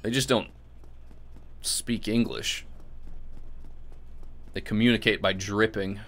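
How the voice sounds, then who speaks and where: A man's voice: fairly low pitch, slow. A man giving rambling gameplay commentary as a channel host, swearing and flaring up at the game between chatty asides. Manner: profane, excitable outbursts at the game.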